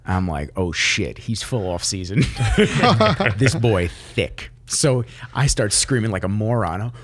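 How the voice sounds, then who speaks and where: A man's voice: lowish voice, lively intonation, unhurried. New guy telling a story on a podcast, laughs a lot, swears, acts out every line. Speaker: podcast co-host. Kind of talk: casual storytelling chat.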